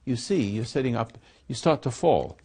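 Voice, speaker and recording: A man's voice: mid-range voice, lively intonation, normal speed, a little mellow, slightly rough. A man speaking as a spiritual teacher in a sermon dialogue, rambling and acting out quoted voices.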